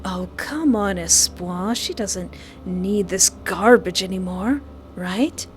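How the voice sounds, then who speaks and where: A woman voicing a soft-spoken, creepy young man who holds someone captive, talking slowly and coaxingly in a visual novel. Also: medium pitch, lively intonation, a little hiss or hum. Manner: soothing, slow and coaxing.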